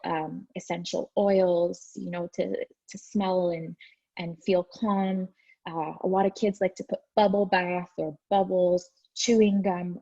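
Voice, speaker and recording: A woman's voice: lowish voice, warm tone, dull audio. A woman therapist giving an informal, earnest talk with many fillers and restarts.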